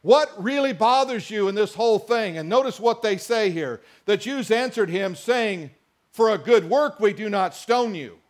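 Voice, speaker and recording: A man's voice: high voice, lively intonation, normal speed. A man preaching a sermon, reading scripture and mixing in conversational asides and questions to the congregation. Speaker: pastor.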